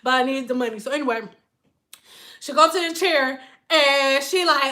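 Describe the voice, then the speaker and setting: Animated, profane woman from Detroit. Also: sits high, normal speed, long pauses. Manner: animated, profane, thanks donors mid-story. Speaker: hairstylist and livestream host. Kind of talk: livestream storytelling.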